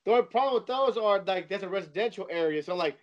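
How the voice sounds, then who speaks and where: A man talks loosely and at length, taking on the lines of the people in his story. His voice sits high for a man. The sound is muffled and lo-fi. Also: lively intonation, fast talker. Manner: rambling storyteller, quotes people, laughs a lot. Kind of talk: casual chat.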